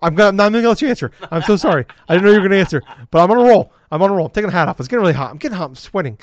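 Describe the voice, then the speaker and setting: A man's voice: high-pitched, lively intonation, rapid-fire, no room sound. A man ranting heatedly in casual chat, swearing often and sounding exasperated. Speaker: podcast co-host. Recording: dull lo-fi dry sound.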